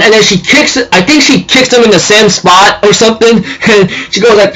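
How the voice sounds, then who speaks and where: A man recaps an anime episode in a loose, rambling way, stopping to correct himself. His voice is high and bright, with lots of ums and likes. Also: moderate pace, hardly any pauses, poor audio. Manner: rambling, filler-heavy, self-correcting. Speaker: anime reviewer.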